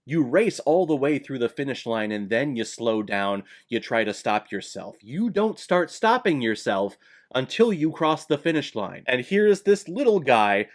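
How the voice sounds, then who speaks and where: A man's voice: mid-range voice, very animated, moderate pace. A man giving a casual vlog movie review in a sarcastic, blunt and exasperated way.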